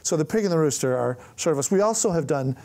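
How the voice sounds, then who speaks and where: Speaking fast in a fairly high pitch, this older film writer-director trades anecdotes as a guest on stage before an audience. He brings his stories to life by performing the quoted voices of the people in them.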